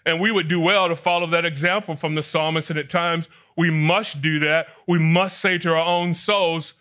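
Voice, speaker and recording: Reading scripture aloud and questioning his listeners, a man preaches a sermon at a normal pace. His somewhat high voice sounds pushed and bright.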